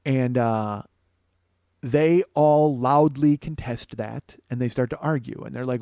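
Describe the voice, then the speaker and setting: A man with a fairly high voice rants through a comic story, swearing freely and lurching from muttered asides to loud bursts. The sound is dry and close, with no room around it. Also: normal speed, no room sound. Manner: profane, ranting, swings between mumbled asides and loud outbursts. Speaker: podcast host. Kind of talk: comedic storytelling monologue.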